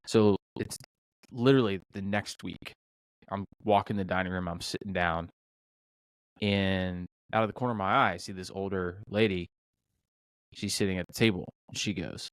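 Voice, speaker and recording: A middle-aged restaurant owner telling a story in a conversational interview, animated, acting out the dialogue, with many fillers and restarts. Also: male voice, on the low side, moderate pace, no room sound. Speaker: restaurant owner, podcast guest.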